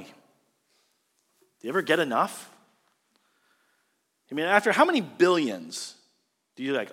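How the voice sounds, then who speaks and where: A man preaching a sermon as a pastor, animated and conversational, often checking in with his listeners. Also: mid-range voice, normal speed, pauses often, long reverb tail. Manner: animated, conversational, asks the congregation "right?".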